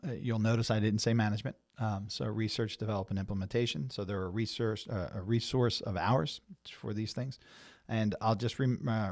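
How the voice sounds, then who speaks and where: A man hosting a financial planning webinar, reading market news aloud and explaining it in a halting way with many fillers and restarts. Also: on the low side, darkish tone, dry recording, studio quality.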